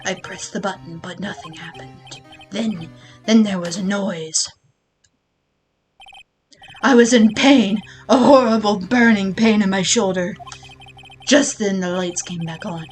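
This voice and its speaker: A woman's voice: mid-range voice, measured pace, pauses often, pitched below the performer's own voice, lightly acted, poor audio. Girl doing a vengeful old prosecutor guy, bellowing, faint music behind. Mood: grim, brooding. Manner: bellowing threats. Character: ruthless old male prosecutor, vengeful and furious.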